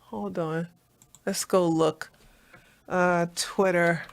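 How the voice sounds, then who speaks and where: A woman's voice: lowish voice, fairly even intonation, extremely slow, vocal fry. A woman ranting on a casual political live stream, blunt, profane and mocking, who often repeats herself. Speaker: political commentator on a debate stream.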